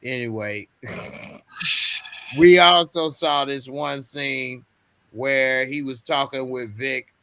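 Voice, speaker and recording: A man hosts a casual recap livestream, talking slowly and loosely with plenty of slang. His voice is bright and forward, and the sound is dry and close on a webcam mic. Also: medium pitch, no echo. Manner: laid-back, slangy, laughs often. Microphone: webcam on a video livestream.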